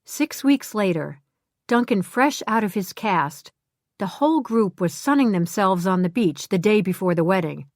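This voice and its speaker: Female audiobook narrator, mid pitch, dry close read. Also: moderate pace, no room sound. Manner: clear, even storytelling with character voices.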